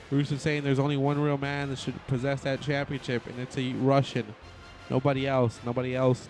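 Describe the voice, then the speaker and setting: Rambling man calling wrestling over game music. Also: medium pitch. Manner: rambling, excitable, self-correcting. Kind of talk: casual play-by-play commentary over a video game.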